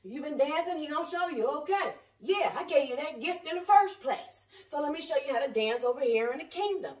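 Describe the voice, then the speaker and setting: Fervent high-voiced woman preaching, roomy echo. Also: lively intonation, fairly quick. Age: 40s. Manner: fervent, rambling, colloquial, shifting between shouting and soft asides. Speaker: self-styled prophet. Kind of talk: impassioned spontaneous preaching to camera. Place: her home, indoors. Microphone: camera set up at a distance. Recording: echoey room, voice heard from a distance.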